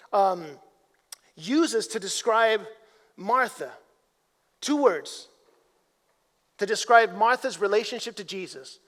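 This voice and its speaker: A man's voice: very high-pitched, a bit bright. A man preaching a sermon as pastor in a church, speaking conversationally, repeating his words and building to emphatic peaks. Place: church sanctuary. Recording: long hall reverb.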